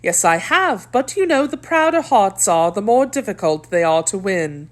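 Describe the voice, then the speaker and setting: A woman's voice: mid-range voice, big pitch swings, normal speed, voice pushed up, natural voice. A woman voicing a scheming, haughty noblewoman. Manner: coaxing, calculating, softly haughty. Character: scheming proud noblewoman, cold and manipulative.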